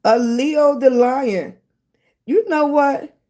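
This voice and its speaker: A middle-aged woman chats casually on a phone live stream. Her voice sits a little high and she talks slowly. She greets each viewer by name and calls them sweetie and baby. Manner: greets viewers warmly with pet names, chatty and playful. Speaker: livestream host.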